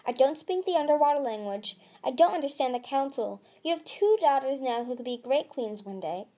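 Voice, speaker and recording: A woman's voice: high-pitched, lively intonation, fairly quick, mellow. A woman reading the part of a headstrong young female sea dragon, speaking bluntly. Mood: earnest.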